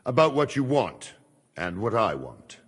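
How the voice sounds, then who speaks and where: An actor playing a steady, loyal guard who speaks in a calm, firm, measured way. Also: male voice, on the low side, slightly rough, long reverb tail, heavily acted. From Hungary.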